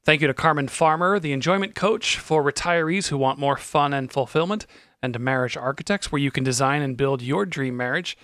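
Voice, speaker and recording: A man's voice: mid-range voice, fairly quick, no echo, studio quality. A man hosting a talk show, reading sponsor thanks and asking his guest questions. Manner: reads sponsor list, then asks gentle questions. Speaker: radio show host.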